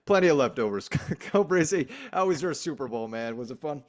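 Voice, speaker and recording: A man's voice: medium pitch, brisk. A man co-hosting a sports podcast, chatting casually with lots of energy and frequent laughter. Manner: energetic, emphatic, laughs often. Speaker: podcast co-host. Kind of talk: casual chat.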